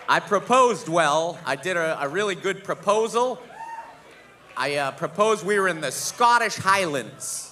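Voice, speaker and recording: A brash man tells stories on stage with a profane, animated stand-up delivery. His voice sits a little high and sounds bright and forceful. Faint room ambience hangs behind his mic. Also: a little hiss or hum. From Boston, USA. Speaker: stand-up comedian. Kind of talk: live stand-up comedy. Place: live theater stage.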